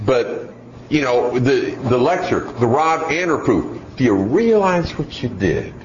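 A middle-aged man preaching a sermon, telling stories and acting out voices in an animated way. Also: mid-range voice, unhurried. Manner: animated storytelling with acted-out voices. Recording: dull roomy hall sound, faint noise.

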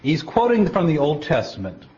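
A man preaching a Bible teaching, explaining scripture step by step in a deliberate way, often stopping to restart a word. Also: on the high side, wildly swooping pitch, darkish tone. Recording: dull lo-fi recording.

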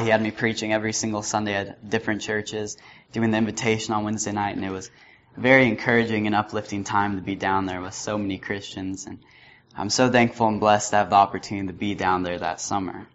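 A young man delivers a sermon that opens with a light personal anecdote and chuckles at his own story. His voice sits low. The recording is slightly dull, with a faint hiss behind it. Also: little pitch movement, a little fast. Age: young adult. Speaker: student preacher. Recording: slightly muffled with faint noise.

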